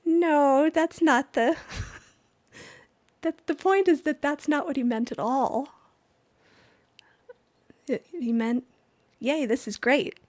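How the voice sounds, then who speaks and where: A woman's voice: high-pitched, takes it slowly, pauses often, darkish tone, no room sound. A woman hosting a live music stream, chatting in a rambling way between songs and laughing often. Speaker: livestream singer and host. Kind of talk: casual chat with chat viewers between songs. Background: music playing.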